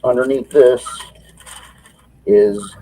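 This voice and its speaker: Husky-voiced man showing off a collection. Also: medium pitch, fairly even intonation, drawn-out words, warm tone, low-quality recording. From Michigan, United States. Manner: enthusiastic, rambling show-and-tell. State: short of breath when talking long. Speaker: collector sharing items. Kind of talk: casual video chat. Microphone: video call.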